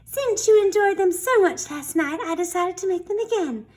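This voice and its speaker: A woman's voice: extremely high pitch, expressive, normal speed, darkish tone, pitched above the performer's own voice. A woman voicing a cheerful mother in a children's storybook read-aloud, with a sugary, singsong way of talking. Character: cheerful mother, sweetly pleased.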